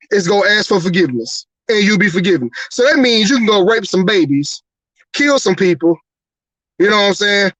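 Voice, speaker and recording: A man's voice: high voice, fairly bright tone, no room sound, rough recording. A man hosting a live podcast, delivering an angry, profane rant full of repeated rhetorical questions. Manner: profane, rhetorical, repeating "you mean to tell me". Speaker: podcast host.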